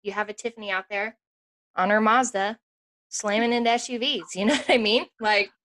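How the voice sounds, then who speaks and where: Bright-toned woman co-host, emphatic. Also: mid-range voice, steady tone. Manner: emphatic, reacts with quick interjections. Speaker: podcast co-host. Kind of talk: casual chat.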